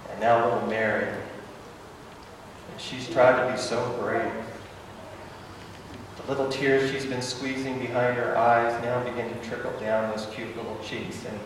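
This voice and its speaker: A man preaching, telling a story dramatically with stammered repetitions, swinging between loud and hushed. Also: medium pitch, fairly even intonation, moderate pace, long pauses, noisy background. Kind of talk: sermon storytelling. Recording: echoey hall, voice from far off.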